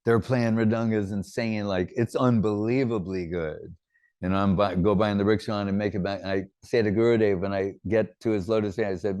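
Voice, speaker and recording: A man's voice: lowish voice, steady tone, brisk, darkish tone, no room sound. A man giving an informal religious talk, drifting from teaching into rambling personal anecdotes.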